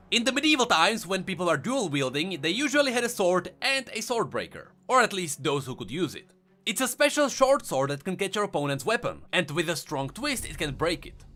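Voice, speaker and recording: A man's voice: high voice, bright, forceful tone. A man with a Czech accent giving scripted lore narration, reading card quotes with dramatic drops in his voice.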